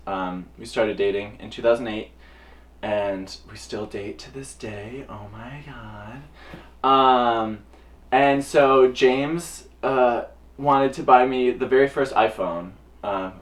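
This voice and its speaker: Young man, drag performer, mid-pitched, animated storyteller who acts out quotes, recorded a bit off-mic. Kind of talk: casual storytelling to camera. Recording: voice a little distant from the mic.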